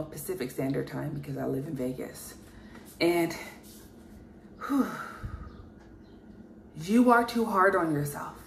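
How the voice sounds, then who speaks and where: A woman giving an earnest spiritual reading to camera, emphatic and repeating herself, with frequent sighs. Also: low voice. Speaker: spiritual reader. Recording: echoey room with faint noise.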